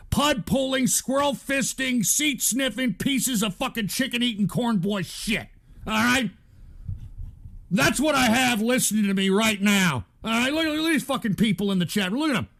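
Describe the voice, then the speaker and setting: Furious, very high-pitched, gravelly man. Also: fairly bright tone. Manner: furious, stammering, spits strings of insults. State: angry. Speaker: live show commentator. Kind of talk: profane ranting at chat.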